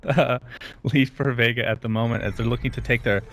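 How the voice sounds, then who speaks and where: A man casting an esports match play-by-play, getting excitable and loud at big plays. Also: a little fast, a little hiss or hum. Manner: excitable, rises sharply in pitch at big plays. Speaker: esports caster.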